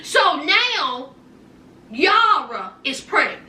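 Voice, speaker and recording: A woman recapping a reality show in a sassy, animated way, acting out the people she quotes. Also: sits high, extremely slow. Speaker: recap vlogger. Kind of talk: casual TV recap chat. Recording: echoey room, mic at a distance.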